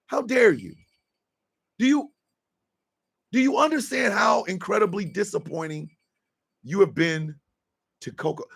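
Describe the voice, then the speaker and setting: A man's voice: sits high, lively intonation, measured pace, gravelly, pauses often, fairly bright tone, slightly rough. A man hosting a casual live stream, scolding a troll in mock indignation and tacking "sir" onto his lines.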